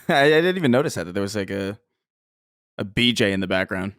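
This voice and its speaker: A man's voice: on the low side, animated, a little fast, fairly bright tone, no echo. A man co-hosting a podcast, talking in a laid-back, teasing way. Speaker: podcast co-host. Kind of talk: casual podcast chat.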